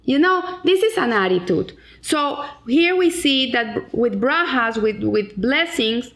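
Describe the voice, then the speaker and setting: A woman's voice: on the high side, expressive, takes it slowly, a bit bright. A middle-aged woman explaining a weekly Torah lesson in an earnest way, with frequent restarts and Hebrew terms. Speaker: Torah teacher.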